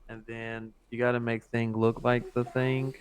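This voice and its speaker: A man co-hosting a casual podcast chat, talking in an excitable, emphatic way. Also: medium pitch, measured pace, slight background noise. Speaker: podcast co-host.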